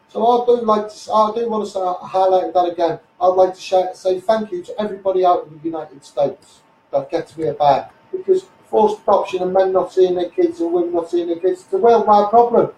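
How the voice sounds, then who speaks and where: A man's voice: high voice, a little fast, dark tone, roomy sound, recorded from a distance, slight background noise, poor audio. A man with a Scouse accent ranting to camera on a livestream, fired up and repetitive, calling his viewers mate. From England. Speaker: self-styled campaigner on a livestream. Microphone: phone livestream.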